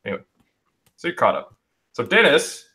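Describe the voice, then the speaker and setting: With a slightly high, pushed and bright voice and huge pitch swings, a young man hosts a casual online group discussion by video call at normal speed. He's reflective, restarting often and filling gaps with um and you know.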